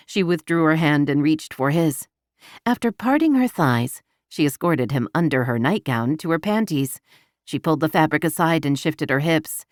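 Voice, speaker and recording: Brief: female audiobook narrator, low voice, dry close studio sound, even intimate delivery. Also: moderate pace, dry recording. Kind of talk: scripted romance narration.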